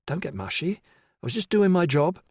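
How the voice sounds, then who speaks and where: A man doing a brisk, clipped female cop. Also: fairly high pitch, very animated, slightly rough, no echo, studio quality, pitched above the performer's own voice. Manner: clipped and terse, businesslike. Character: tough, brisk female police officer. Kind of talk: audiobook character voice.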